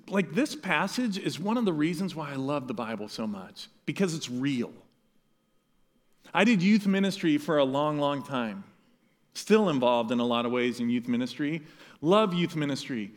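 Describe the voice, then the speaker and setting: A pastor preaching an animated sermon, acting out the lines of the people in the story. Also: male voice, fairly high pitch, unhurried, long pauses, long reverb tail. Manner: animated, acts out quoted dialogue.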